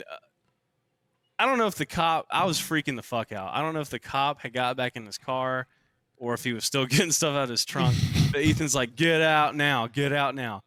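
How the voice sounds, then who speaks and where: Young guy rambling through a crazy story, bright tense voice, dry close mic. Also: medium pitch, dry recording. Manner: animated, profane, acts out quotes. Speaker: podcast co-host. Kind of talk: casual storytelling.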